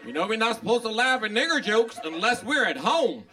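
Bright, high-voiced male comic, crowd laughing. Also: big pitch swings, fairly quick. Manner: provocative, teasing the audience. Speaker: stand-up comedian. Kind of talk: stand-up set. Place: comedy club stage.

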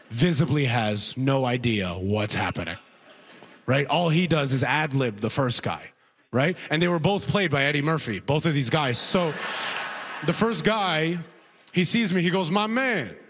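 A young man telling a stand-up comedy story, animated and full of rhetorical asides. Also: medium pitch. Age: young adult. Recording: long hall reverb.

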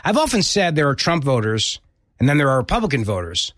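A man's voice: medium pitch, very animated, fairly quick, a bit bright, no room sound. A middle-aged man hosting a political talk radio show, speaking emphatically and often repeating words as he presses a point.

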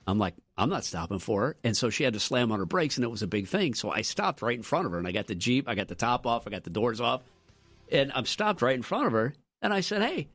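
Man, radio morning co-host, mid-pitched voice, casual storytelling, lively quoting, soft music underneath. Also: fast. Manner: animated, jumps up in pitch for quoted lines. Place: radio studio.

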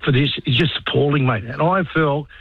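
Indignant Australian veteran on a phone line. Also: male voice, on the high side, a little fast, husky, no room sound. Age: 50s. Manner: indignant, emphatic, blunt. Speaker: caller, army veteran. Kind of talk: talkback phone call.

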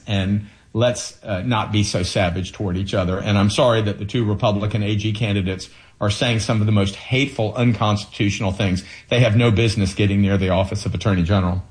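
Male political candidate, lowish voice; earnest, halting delivery full of fillers. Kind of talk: interview answers.

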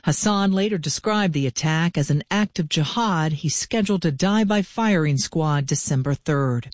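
A woman anchor reading radio news headlines in a crisp, measured delivery. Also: deep voice, no room sound, studio quality. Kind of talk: radio newscast.

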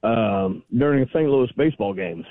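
A man's voice: mid-range voice, animated, moderate pace, no room sound. A man calling in to a radio show, arguing his point insistently. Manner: argumentative, presses his point. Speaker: caller. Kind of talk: phone call to a radio show. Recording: phone line.

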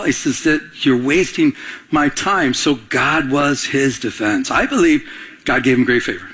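A middle-aged man preaching from the pulpit with a somewhat husky, slightly high voice. He tells stories in the middle of the sermon and jumps up in pitch to act out what people said. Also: expressive, normal speed, a bit bright. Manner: storytelling, acting out quoted voices with rising pitch. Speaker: pastor.

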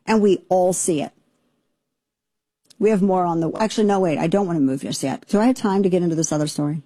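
A woman's voice: on the low side, fast, dark tone, husky, no echo. A woman hosting a talk radio show, delivering an indignant, sarcastic, rambling monologue into a studio microphone.

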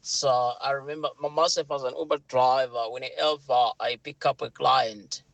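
A man's voice: medium pitch, steady tone, moderate pace, gravelly, a bit bright, no room sound, low-quality recording. A man from Malawi calling in to a radio show, speaking earnestly about accents. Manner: earnest, repeating himself. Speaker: caller. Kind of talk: phone-in call.

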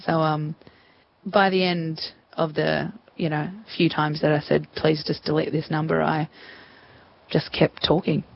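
A woman's voice: low voice, little pitch movement, unhurried, vocal fry, dull audio. A woman in her thirties with an Australian accent, telling her story in an interview and acting out remembered conversations. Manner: chatty, acts out remembered dialogue. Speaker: interview guest.

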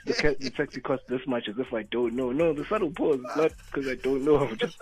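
A male caller speaking over a phone line. He tells his story with restarts and laughter. His voice is husky and mid-pitched. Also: a little fast. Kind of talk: phone-in chat.

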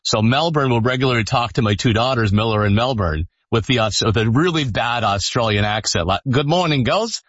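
A man's voice: lowish voice, fairly quick, few pauses, fairly bright tone, dry recording. A middle-aged man, a former party leader, joking and self-deprecating as a panel guest. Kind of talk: casual panel chat. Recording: dull, dry studio sound.

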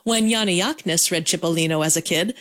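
A woman's voice: on the low side, brisk, a bit bright. A woman narrating a scripted radio news feature.

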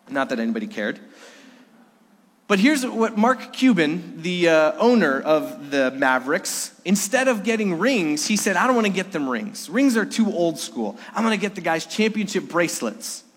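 Earnest middle-aged male pastor, sermon delivery, pitched a touch high, long reverb trailing each line. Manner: earnest, swinging between soft lows and emphatic highs.

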